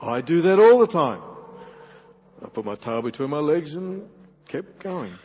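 A man's voice: on the high side, big pitch swings, a little slow, a little mellow, husky. A man preaching a sermon, mixing self-deprecating humor with earnest exhortation. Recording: dull lo-fi sermon recording.

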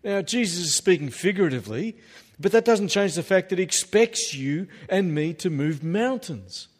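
Pastor, male, emphatic sermon voice with jokey asides, pitched a bit high, long hall reverb. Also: expressive, normal speed. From Australia. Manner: emphatic preaching with humorous asides. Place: church hall.

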